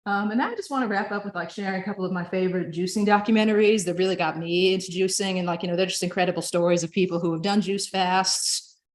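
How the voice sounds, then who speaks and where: A woman's voice: medium pitch, fast. A young woman giving a casual presentation, chatty and full of filler words.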